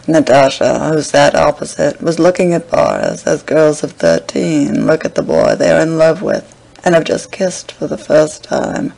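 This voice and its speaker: A man reads a classic novel aloud at a steady pace. His voice sits a bit high and carries a strong gravelly fry. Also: normal speed, rough recording. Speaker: audiobook reader. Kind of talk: scripted narration.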